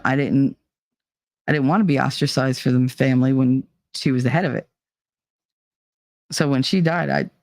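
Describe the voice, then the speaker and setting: A woman's voice: a bass voice, a little mellow, dry recording. A woman hosting a casual live stream who reads viewer chat and talks candidly and bluntly, with swearing and wry humor.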